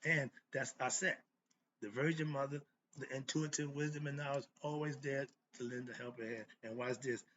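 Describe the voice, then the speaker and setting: A man's voice: medium pitch, steady tone, normal speed, a bit bright. A man talking casually on his own, loose and chatty, correcting himself as he goes. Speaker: host. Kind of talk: casual solo talk. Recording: dull lo-fi sound with faint noise.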